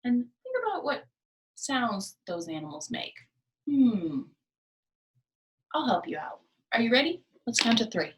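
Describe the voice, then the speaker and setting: A woman leading a library program for small children, talking in a slow, sing-song way and often dropping to soft whispers. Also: fairly high pitch, very animated, lo-fi sound. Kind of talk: teaching preschoolers. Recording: voice a bit distant from the mic.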